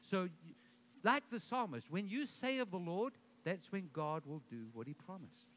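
A man preaching a sermon at a church service, telling a story and then leading the congregation in loud, rising declarations, often repeating his first words. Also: high voice, expressive, moderate pace. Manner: repeats words when starting sentences, builds to loud declarations. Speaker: pastor.

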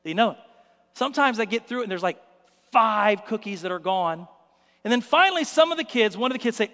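A man preaching a sermon as pastor, telling stories in an animated way and acting out the scenes. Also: high-pitched, fast talker, long reverb tail.

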